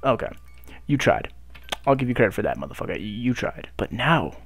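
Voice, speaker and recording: Young man, gaming commentary, loud and swearing, mid-pitched voice. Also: sing-song, brisk, breathy edge. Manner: loud, hyped, swears constantly, talks to the game. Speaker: gaming YouTuber. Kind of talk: profane gameplay commentary.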